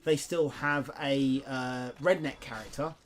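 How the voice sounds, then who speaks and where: A man's voice: mid-range voice, steady tone, unhurried, a little hiss or hum. A man co-hosting a let's-play, chatting casually and reacting to the game as he plays. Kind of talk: casual gameplay commentary.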